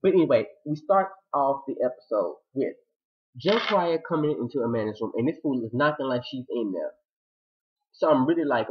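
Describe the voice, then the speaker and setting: A man talks fast and loose about last night's episode, jumping into the characters' lines with dramatic asides. His voice is a little husky and the recording sounds dull and lo-fi. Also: medium pitch. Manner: excitable, chatty, retells scenes with dramatic quoted asides. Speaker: TV episode reviewer. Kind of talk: casual recap vlog.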